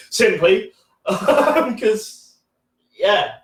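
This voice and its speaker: A high-pitched man in his thirties rambles through a first stand-up set, stumbling over restarts and fillers and swearing freely. He is heard from a distance, and the room rings with echo around him. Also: huge pitch swings, slow pace. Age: 30s. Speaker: stand-up comedian.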